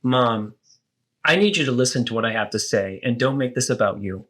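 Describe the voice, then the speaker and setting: A man voicing an adult child who calmly and firmly confronts their mother in a therapeutic role-play. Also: medium pitch, fairly quick, natural voice. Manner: earnest, steady, firm about boundaries.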